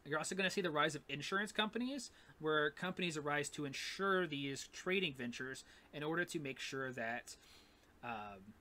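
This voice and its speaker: Bright-voiced male history teacher. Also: a little high. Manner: casual, repetitive, with many fillers and "gonna", "right?". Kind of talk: recorded history lecture.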